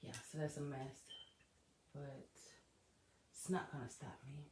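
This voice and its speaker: A woman's voice: deep voice, flat delivery, unhurried, background noise. Chatty woman podcaster in an echoey room. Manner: chatty, laughs often, swears freely, talks straight to listeners. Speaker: podcast host. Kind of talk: casual solo podcast monologue. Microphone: laptop or voice memo recording.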